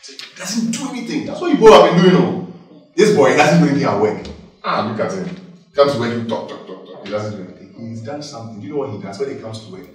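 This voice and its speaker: A man giving an animated workshop talk, laughing and acting out office dialogue as he goes. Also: mid-range voice, quick pace, faint music behind. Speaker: workshop speaker. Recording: echoey hall, mic far off.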